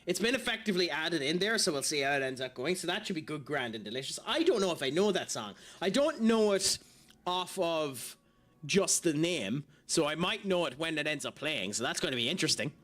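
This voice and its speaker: A young man with a fairly high, expressive, a bit bright voice talks a little fast as he streams a game. The commentary is loose and chatty, heavy on fillers, with him frequently laughing at himself.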